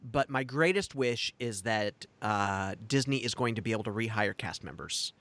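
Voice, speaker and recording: A man's voice: on the low side, lively intonation, moderate pace, fairly bright tone. Giggly male podcast co-host. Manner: laughs often, hesitant with fillers. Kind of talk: casual podcast chat.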